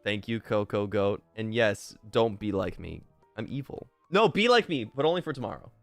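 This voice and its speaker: A young man streaming and casually chatting while reading fan messages, swearing often and jumping into loud outbursts. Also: on the low side, moderate pace, creaky, no room sound, faint music behind. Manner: excitable, swears a lot, swings to loud outbursts.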